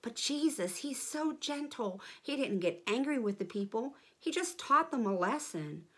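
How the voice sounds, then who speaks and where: A woman's voice: on the high side, animated, a little slow, breathy edge. A woman leading a children's church lesson, speaking in an encouraging way to kids.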